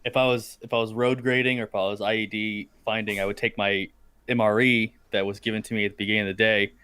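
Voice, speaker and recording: A man's voice: fairly low pitch, flat delivery, quick pace, sharp tone, clean tone. A young man hosting a podcast, telling crude, profane stories with lots of laughter in casual chat. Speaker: podcast host.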